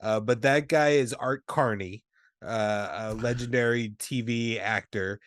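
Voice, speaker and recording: A man in casual podcast talk about a film, relaxed and rambling, often trailing off into quiet asides. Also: medium pitch, a little slow, no echo, studio quality. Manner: relaxed, rambling, many fillers and restarts, drops to quieter asides. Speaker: podcast co-host. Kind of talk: casual movie discussion.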